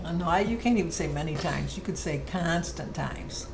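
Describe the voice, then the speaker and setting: A woman's voice: on the low side, animated, moderate pace, gravelly, noisy background. A middle-aged woman vlogger chatting casually and rambling fondly through a list of questions. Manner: chatty, rambling, fond storytelling. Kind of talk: casual chat.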